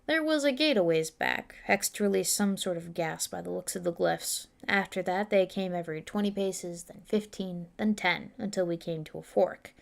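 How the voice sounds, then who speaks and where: A steady, matter-of-fact male squad leader laying out what he found, as a woman reading her novel voices him. The voice is gravelly with a creaky edge and stays close to her everyday speech. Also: on the low side, normal speed, hardly any pauses. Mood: plain.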